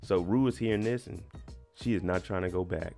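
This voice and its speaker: A man's voice: low voice, brisk, creaky, warm tone, soft background music. A man casually recapping a TV episode, retelling it emphatically with slang. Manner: chatty, emphatic retelling with slang and little laughs. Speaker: TV recap host.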